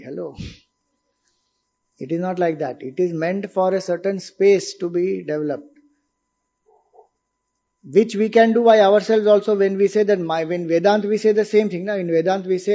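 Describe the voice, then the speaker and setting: His voice sits high with a dark tone and moves at normal speed. A man with an Indian English accent gives a relaxed spiritual talk, explaining things conversationally and putting rhetorical questions to his listeners, captured on a dull, lo-fi recording.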